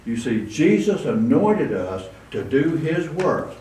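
A man's voice: a little high, very animated, slow pace, dark tone. A man preaching a conversational sermon, with asides and restarts, recorded in a church. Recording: roomy echo, distant mic, faint room noise.

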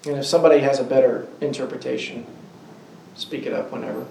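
A man leading a small group Bible study, asking the group questions and slowing down to stress key words. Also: medium pitch, fairly even intonation, vocal fry, warm tone, distant mic, slight background noise. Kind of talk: interactive Bible class teaching. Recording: roomy echo, voice from off-mic.

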